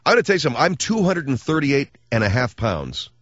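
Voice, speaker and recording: Man, radio host, wry, rambling, lively pitch, dry dull-sounding mic. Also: fast, no echo. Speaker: radio talk show host. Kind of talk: comedic talk radio monologue.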